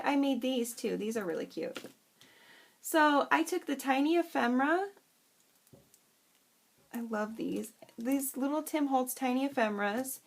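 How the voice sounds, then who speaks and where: This craft channel host has a high voice with vocal fry. She leads a crafting tutorial in a chatty, bubbly, self-deprecating way, rambling and often losing her train of thought.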